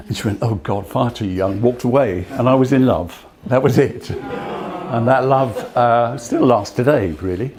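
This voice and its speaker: An older man giving a talk, telling personal stories in a halting way with frequent restarts. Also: medium pitch, a little mellow, slight background noise.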